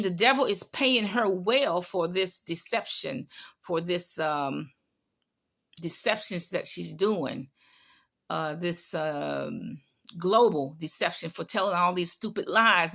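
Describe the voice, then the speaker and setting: A woman talks through her commentary in a bright, forceful voice. She is sarcastic and scolding, hammering her points home by saying them twice. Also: on the low side, creaky. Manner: sarcastic, scolding, repeats herself. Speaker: commentator on online prophets. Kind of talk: casual commentary.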